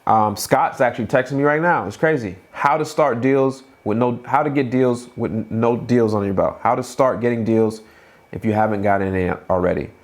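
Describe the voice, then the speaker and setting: Male live-stream host, Boston accent, hyped and repetitive, medium pitch. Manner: hyped, repetitive, quick restarts. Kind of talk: casual live-stream promotion.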